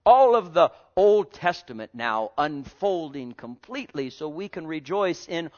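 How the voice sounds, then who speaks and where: A man preaching a fervent sermon, calling out to the congregation, dropping to soft low words and rising to loud high exclamations. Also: very animated, a little slow. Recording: dull lo-fi recording.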